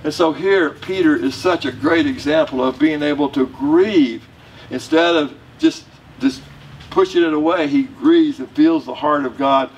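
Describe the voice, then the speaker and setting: A man's voice: on the high side, a little slow. A male pastor with a Southern US accent preaching a sermon in a conversational, joking way to his congregation. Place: church sanctuary. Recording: distant mic with faint room noise.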